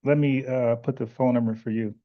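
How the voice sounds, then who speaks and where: A man's voice: mid-range voice, fairly even intonation, fairly quick. A man hosting a call-in podcast, talking bluntly and arguing his points, with lots of "like" and restarts in a casual chat style. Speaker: podcast host taking callers. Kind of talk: casual live-stream chat with callers. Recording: muffled lo-fi audio.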